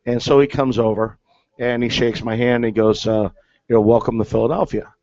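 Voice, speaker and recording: A man's voice: medium pitch, steady tone, brisk, a little mellow, no echo. A man, a former catcher, telling a story in casual chat with lots of fillers and restarts. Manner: rambling, many fillers and restarts. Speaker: guest, former big-league catcher. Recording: dull, dry, lo-fi sound.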